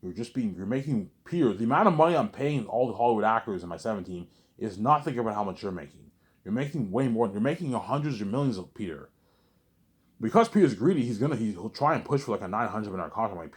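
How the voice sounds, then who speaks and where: A man talks in a rambling vlog monologue, boastful and repetitive, with swearing mixed in. He speaks quickly in a low voice. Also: animated. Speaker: vlogger.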